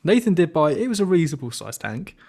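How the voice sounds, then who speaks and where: A man's voice: a little high, sing-song, fast, gravelly, darkish tone. Young British man telling a teasing story. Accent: British English. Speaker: podcast host. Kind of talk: casual chat.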